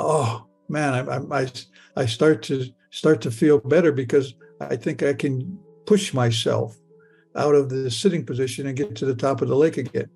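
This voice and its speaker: Gravelly older man, stammering storyteller. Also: medium pitch, darkish tone. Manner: stammering, repeating words, halting restarts. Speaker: near-death experience storyteller. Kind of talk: personal storytelling in present tense.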